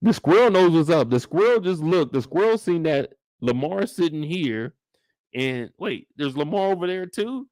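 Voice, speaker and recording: A young man hosting a casual livestream recap, animated and profane, often leaping into high exclamations. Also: moderate pace, dry recording, studio quality. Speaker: show host.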